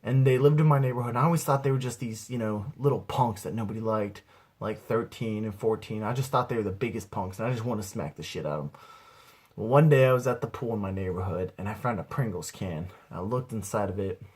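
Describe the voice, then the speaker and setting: Young adult man, casual comic storyteller, husky and laid-back, swears a lot. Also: lowish voice, fast talker, a little mellow. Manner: laid-back, slangy and profane, acts out quotes. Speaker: aspiring comedian.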